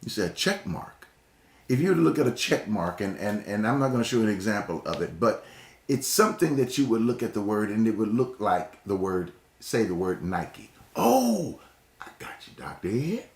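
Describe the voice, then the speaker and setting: A man's voice: fairly low pitch, lively intonation, a little fast, a little mellow, reverberant. A man from Northeast Ohio with a slight Texas drawl, giving an emphatic motivational talk and often repeating words. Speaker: speaker.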